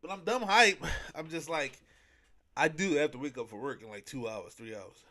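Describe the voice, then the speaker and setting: Bright-voiced young man telling a story. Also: fairly high pitch, moderate pace. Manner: slangy, rambling, with many fillers. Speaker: podcast host. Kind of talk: casual storytelling.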